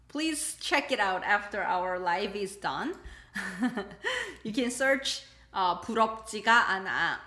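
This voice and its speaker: A woman teaching a live-streamed language lesson, slow when explaining and quick with her examples, laughing often. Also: mid-range voice, fairly bright tone, roomy sound, a little hiss or hum. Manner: switches between slow English explanations and quick Korean examples. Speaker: Korean teacher.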